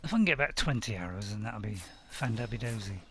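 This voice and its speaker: A man's voice: on the low side, expressive, fast talker, noisy background. A man chatting casually to viewers while playing a survival game live, rambling and poking fun at himself. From United Kingdom. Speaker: game streamer. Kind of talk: casual live-stream commentary.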